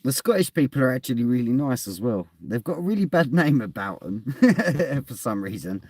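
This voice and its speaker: Streaming indoors from home, this Englishman reads chat and rambles casually, with frequent laughter and the odd swear. His medium-pitched, darkish voice swings widely in pitch at a moderate pace, recorded dry with clean studio sound.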